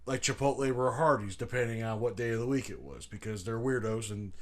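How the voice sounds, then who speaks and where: A man's voice: mid-range voice, a little fast. A young man co-hosting a podcast, telling a story in a rambling, self-mocking way with lots of restarts. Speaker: podcast co-host. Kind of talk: casual storytelling.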